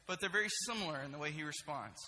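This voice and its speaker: A young man serving as a middle school pastor, giving an energetic, joking sermon and asking the group questions. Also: fairly high pitch, racing, in a large hall, rough recording. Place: church youth room.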